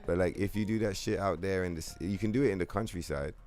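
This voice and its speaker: A man's voice: sits low, fast talker, darkish tone, soft background music. A young man from London with a London accent, chatting casually on a gaming stream in loose slangy banter, answering his chat and swearing freely.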